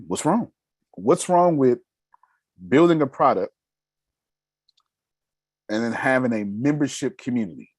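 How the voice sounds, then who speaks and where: A raspy-voiced man giving a motivational business lesson, emphatic and casual, firing off rhetorical questions. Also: mid-range voice, lively intonation, unhurried, pauses often, no echo. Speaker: business mentor. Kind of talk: motivational teaching.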